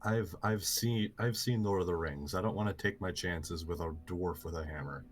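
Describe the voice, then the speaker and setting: A man's voice: deep voice, moderate pace. A man playing a tabletop game, wry and joking, hesitating as he weighs his move. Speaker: player. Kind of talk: casual tabletop game play.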